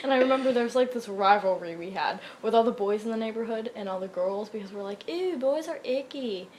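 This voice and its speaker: A young woman chatting casually, telling animated childhood stories with lots of laughing and some swearing. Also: medium pitch, fast talker, a little hiss or hum. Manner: animated storytelling, laughing, acts out childhood quotes. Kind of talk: casual chat.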